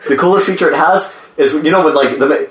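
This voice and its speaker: A man's voice: fairly high pitch, fast, reverberant, background noise. A man co-hosting a podcast, teasing his friends and steering the chat. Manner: lively, teasing, leads the topic. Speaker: podcast co-host. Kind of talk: casual banter, swearing.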